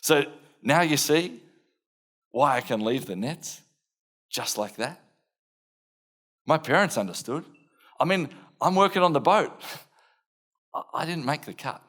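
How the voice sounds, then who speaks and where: An Australian man preaches a dramatised sermon in character as an impulsive, blunt fisherman disciple, telling his story in first person with earnest warmth and self-mocking humour. His voice is on the high side and animated, a little slow, with long pauses.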